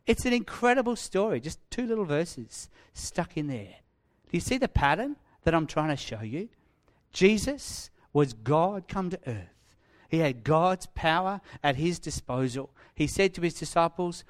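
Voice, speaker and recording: Animated man preaching a sermon. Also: on the high side, normal speed. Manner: animated storytelling, swinging from loud to hushed. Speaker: pastor.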